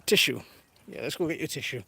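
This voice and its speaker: A man's voice: a little high, fast talker, vocal fry, pushed and bright, slightly rough. A man in his thirties chatting casually on a live stream from his garden while minding his toddler, laughing often and reading viewer comments aloud. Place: outdoors in a garden.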